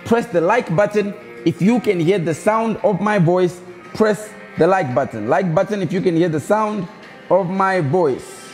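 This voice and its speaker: A man's voice: sits high, a little slow, a little mellow, soft background music. A man hosting a live stream, chatting casually with viewers and repeating his calls to them. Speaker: live show host.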